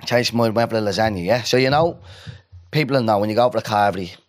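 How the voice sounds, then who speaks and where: Man telling an animated story. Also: fairly low pitch, fast talker. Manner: animated storyteller, acts out quoted people. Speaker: podcast co-host. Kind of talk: casual chat.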